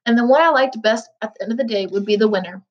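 An eccentric old candy maker who talks in a brisk, lively way, as a woman reads him. The voice sits fairly high for her. The recording sounds dull and lo-fi. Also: natural voice.

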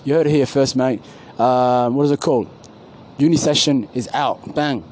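A man's voice: mid-range voice, normal speed, darkish tone, a little hiss or hum, poor audio. A man rambling in casual, profane slang, often searching for his words, outdoors on a university campus. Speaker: podcast co-host. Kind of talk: casual profane street chat.

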